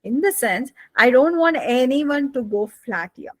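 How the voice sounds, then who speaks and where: A high-pitched woman with an Indian English accent lecturing a live online speaking class. Her voice swings up and down with deliberate expression, and she keeps checking in with the class. The sound is close and dry, with no room around it. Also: no echo. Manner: lively rising and falling intonation, asks "isn't it?" often. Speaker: IELTS speaking instructor.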